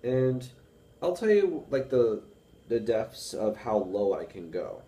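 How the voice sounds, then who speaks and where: A young man with a baritone voice, rambling casually to camera with many fillers about reading and analyzing music. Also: sing-song, slow, mellow, distant mic. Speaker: music student vlogger. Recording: echoey room with faint music.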